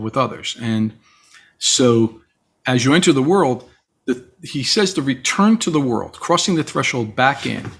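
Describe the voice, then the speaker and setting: A man speaks in a slightly husky voice at an ordinary middle pitch. He talks as a guest in a reflective conversation, winding through stories and acting out the voices of people he quotes. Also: fairly bright tone. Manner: storytelling, acts out quoted voices. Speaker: interview guest.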